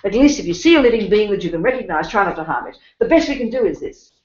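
Blunt Australian woman teacher with a mid-pitched voice, in a dull, echoey room recording. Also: animated, fast talker, a crowd in the background. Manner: blunt, emphatic, calls listeners honey and sweetheart. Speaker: Buddhist teacher. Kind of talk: dharma teaching talk to a class.

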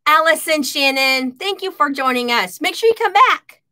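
A woman hosting a casual live stream from her home kitchen, chatting and shouting out viewers by name. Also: high voice, animated, normal speed.

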